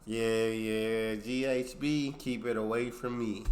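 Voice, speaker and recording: A man's voice: on the low side, fairly even intonation, slow pace, few pauses, darkish tone. A man hosting a reaction video, exclaiming at what he hears and adding casual comments of his own. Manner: exclaims, comments between clips.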